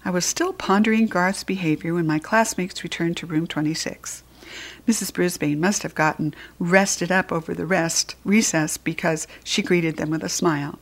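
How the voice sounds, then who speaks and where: A woman's voice: lowish voice, normal speed. Woman reading a children's story aloud. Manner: expressive, lively reading. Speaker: narrator reading a children's book.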